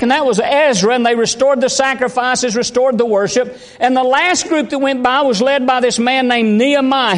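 Pastor, high-pitched man, fervent folksy preaching, reverberant sanctuary. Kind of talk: sermon. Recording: long hall reverb.

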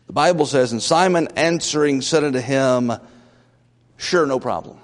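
A man's voice: medium pitch, moderate pace. A male pastor preaching a sermon in a church, emphatic and questioning the congregation. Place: church sanctuary. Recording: long reverb of a large church.

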